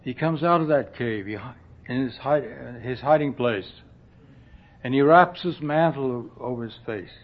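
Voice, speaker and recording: A man preaching a sermon in a slow, earnest way, often dropping to a soft hush and clearing his throat. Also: mid-range voice. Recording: dull lo-fi recording.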